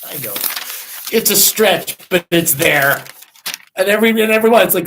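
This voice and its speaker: A man's voice: on the high side, lively intonation, normal speed, a bit bright, rough recording. Candid, chatty male radio Bible teacher. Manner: candid, self-deprecating, chatty with restarts.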